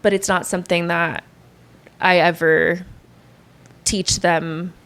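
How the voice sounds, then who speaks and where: A woman's voice: fairly low pitch, slow pace, clear, resonant tone. A woman in her thirties talks as a podcast guest. She tells her story casually and with energy. She often acts out what others said to her. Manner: animated, quotes others often.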